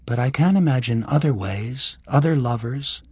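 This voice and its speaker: A man voicing a frank, wry young woman healer in an audiobook, his voice lifted higher for her. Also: moderate pace, slightly rough, dry recording. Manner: raised voice for a woman, expressive.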